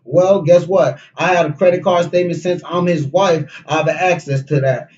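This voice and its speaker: A man voicing a furious, betrayed middle-aged wife who yells and cusses slowly while reading a story aloud. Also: a little high, fairly even intonation, roomy sound, close to an everyday voice. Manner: screaming, slow and spiteful. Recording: dull lo-fi stream audio.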